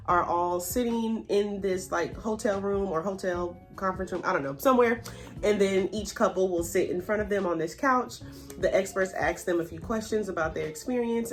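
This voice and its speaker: A woman casually recapping a reality show, chatty and animated, acting out what people said. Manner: chatty and animated, reenacts quotes with pitch jumps. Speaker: YouTube TV recap host.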